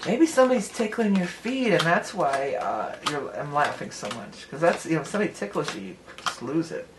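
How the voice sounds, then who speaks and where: A woman's voice: sits low, big pitch swings, a little fast, background noise. A woman giving a casual tarot reading to the viewer, chatty and breaking into giggles between her readings of the cards. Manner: talks straight to the viewer as "you". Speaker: tarot reader.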